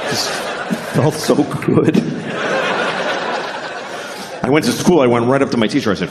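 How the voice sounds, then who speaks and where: A man doing a stand-up comedy set, delivering deadpan and acting out voices. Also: mid-range voice, normal speed, pauses often. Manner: deadpan, acts out voices in quotes. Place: theater stage before a live audience. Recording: live show with crowd noise and laughter.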